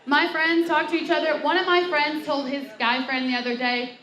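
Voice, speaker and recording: Bright, brash young woman doing stand-up. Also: high voice, little pitch movement, moderate pace, hardly any pauses. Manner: brash, bawdy storytelling with acted quotes. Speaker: stand-up comic. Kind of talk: stand-up comedy set. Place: brewery comedy stage before a live crowd.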